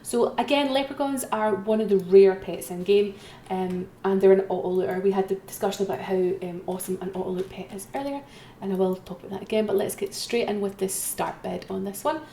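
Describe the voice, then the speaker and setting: A woman's voice: mid-range voice, fairly quick, creaky, few pauses, dark tone, slight background noise. A woman hosting a live-streamed auction, chatting and self-mocking as she repeats calls for bids at her computer. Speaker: auction host. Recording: roomy echo, faint keyboard typing.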